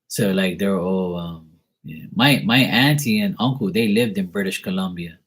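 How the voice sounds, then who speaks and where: A Bermudian man reading tarot live chats casually with viewers, rambling and joking as he tells stories. His voice is low, a bit bright and slightly rough, with a somewhat slow delivery.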